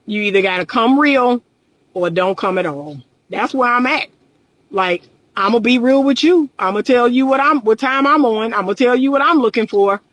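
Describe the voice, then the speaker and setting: A woman's voice: a little high, fairly bright tone, no room sound, poor audio. A middle-aged woman and relationship coach, talking candidly and emphatically in a casual livestream, repeating her points and often laughing.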